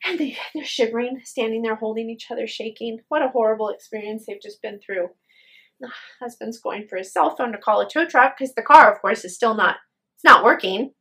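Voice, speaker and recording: A woman's voice: a little high, fairly quick, sharp tone, slightly rough. A woman telling a spoken ghost story with drama, acting out the voices of her characters.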